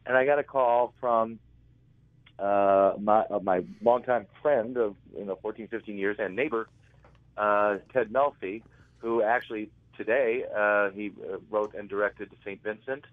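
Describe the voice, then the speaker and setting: Low-voiced man on a tinny phone line. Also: steady tone, a little slow, no room sound. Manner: rambling anecdotes with frequent self-corrections. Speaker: interview guest, author. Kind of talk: casual storytelling.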